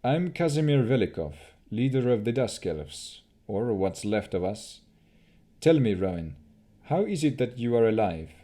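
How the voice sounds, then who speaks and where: A man's voice: mid-range voice, big pitch swings, measured pace, mellow. A man reading an audiobook, voicing a grave male elf leader who speaks solemnly and apologetically.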